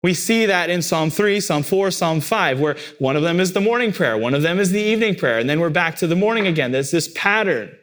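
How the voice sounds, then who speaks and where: A man's voice: fairly high pitch, expressive, fairly quick, few pauses, fairly bright tone. A pastor delivering a sermon, repeating phrases emphatically and lifting his voice on key words.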